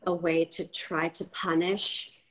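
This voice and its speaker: A woman hosting a podcast interview, asking questions and talking in a thoughtful, searching way with pauses and fillers. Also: lowish voice, little pitch movement, poor audio. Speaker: podcast host.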